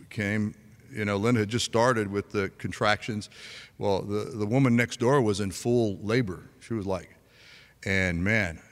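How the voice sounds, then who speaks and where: A man's voice: fairly low pitch, in a large hall. A male pastor preaching a sermon, telling a story in a chatty way with frequent laughs and restarts.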